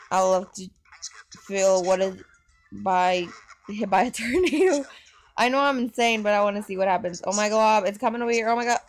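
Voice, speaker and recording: Excitable woman narrating her gameplay. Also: mid-range voice. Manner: excitable, frequent gasps and exclamations. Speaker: gaming channel host. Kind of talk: casual gameplay commentary. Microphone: phone microphone while screen recording.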